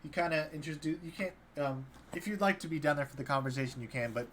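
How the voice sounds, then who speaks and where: A man's voice: a little high, quick pace, a bit bright, a little hiss or hum. A man narrating as game master in a tabletop game, talking casually and hedging his descriptions.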